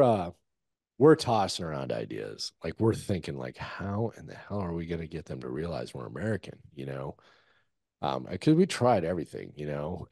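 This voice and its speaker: A man's voice: low voice, vocal fry, mellow, slightly rough, no room sound, studio quality. A man, a former soldier, telling a war story casually in an interview, loose and profane with lots of fillers. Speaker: guest, former Army Ranger.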